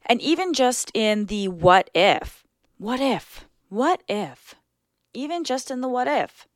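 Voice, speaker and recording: A woman hosts a solo podcast in a relaxed, conversational way, earnest and reflective as she gently coaches her listeners. Her voice sits at a middle pitch for a woman. The recording is dry and close, with no room sound. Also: no room sound. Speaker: podcast host. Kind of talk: casual solo podcast talk.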